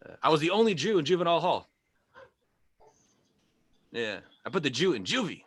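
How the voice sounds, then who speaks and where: A man's voice: on the high side, big pitch swings, fairly quick, slightly rough, dry recording. A man doing a stand-up comedy set over a video call, telling wry stories that build to punchlines. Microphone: video call microphone.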